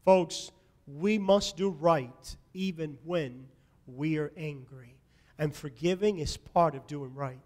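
Male pastor, high voice, preaching emphatically in church with swings from loud to quiet. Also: takes it slowly. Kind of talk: sermon. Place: church sanctuary.

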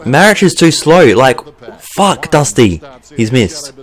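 A man's voice: medium pitch, slow pace. A young Australian man commentating his own football video game as he plays, swearing and getting worked up. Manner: swearing, excitable, bursts of frustration. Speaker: gaming YouTuber. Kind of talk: let's play commentary.

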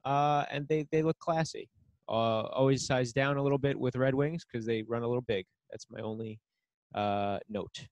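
Man, laid-back podcast co-host, agreeable and chatty; mid pitch, dry recording. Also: darkish tone, no room sound. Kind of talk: casual chat. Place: New York.

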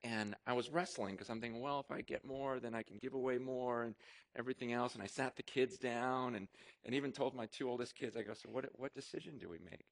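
A middle-aged man preaching a sermon, telling a personal story in an animated, excited way, with restarts and bursts of laughter. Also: mid-range voice, brisk, creaky. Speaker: pastor.

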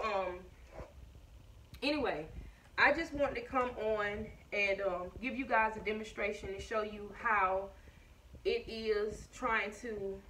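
A woman's voice: medium pitch, fairly bright tone, rough recording. Woman vlogger, chatty and winded, talking to camera at home, faint background hiss. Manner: chatty, addresses viewers as y'all. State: short of breath. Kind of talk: casual chat to viewers. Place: at home indoors.

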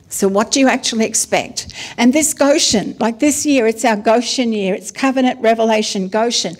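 A middle-aged woman, preaching a sermon as an apostle in a lively, conversational storytelling style. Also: fairly high pitch, normal speed, hardly any pauses.

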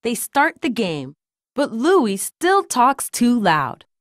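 A woman reading a children's storybook aloud in a gentle, lilting read-aloud manner. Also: on the high side, wildly swooping pitch, slow pace, no echo, studio quality. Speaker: storybook narrator.

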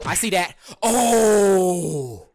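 A man hosting a gaming video, giving excited gameplay commentary, shouting at big plays and trash-talking in slang. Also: high voice, very slow, faint music behind.

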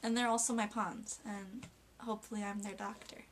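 A woman's voice: medium pitch, steady tone, moderate pace, background noise. A young woman vlogging casually about her best friends, getting emotional, hesitant and giggly as she talks.

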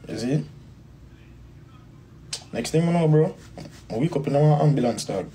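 A man's voice: mid-range voice, expressive, moderate pace, pauses often, warm tone, slight background noise. A man with a Jamaican accent telling a personal story in a rambling, casual way, repeating phrases and calling the listener "bro". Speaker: dancehall artist.

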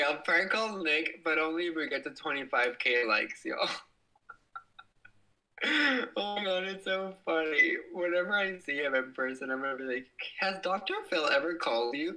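A young man in his early twenties hosts a casual livestream and reacts to viewer comments, giggly and bubbly, with playful swearing. His voice sits a little high for a man and comes across very bright and sharp. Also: low-quality recording. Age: young adult. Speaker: livestream host.

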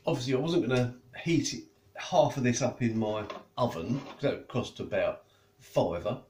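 A man's voice: mid-range voice, normal speed, darkish tone, a little hiss or hum. A man chatting casually as he reviews food, tasting and eating while he talks. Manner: chatty, tastes and eats while talking. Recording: echoey room.

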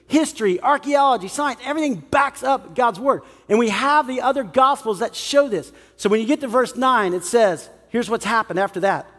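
A high-pitched man preaches a sermon as a pastor in a large church hall. He's animated, acting out the people in the story as he goes.

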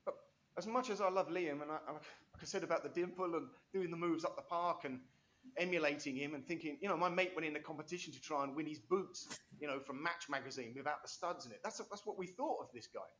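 A man's voice: fairly high pitch, fast talker, fairly bright tone, a little hiss or hum. A man, an interview guest telling rambling, enthusiastic stories full of restarts and asides. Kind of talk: animated storytelling interview.

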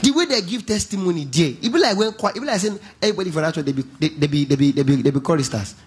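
A Nigerian comedian telling stories on a church stage, slipping into Pidgin and mimicking people. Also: male voice, fairly high pitch, animated, racing, breathy edge. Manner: storytelling, Pidgin asides, mimicking others. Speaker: stand-up comedian. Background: keyboard music.

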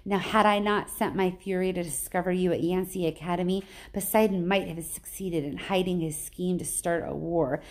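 A woman's voice: fairly low pitch, fairly even intonation, normal speed, few pauses, a little mellow, lightly acted. A woman reading aloud, voicing a proud, scornful male god of the underworld who grumbles and accuses. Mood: accusing.

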